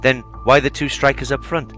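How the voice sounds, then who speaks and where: A man's voice: medium pitch, steady tone, fairly quick, bright, forceful tone, pitched above the performer's own voice, lightly acted. A man reading aloud, voicing a sceptical football assistant who sneers and questions tactics, over faint music. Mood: sneering.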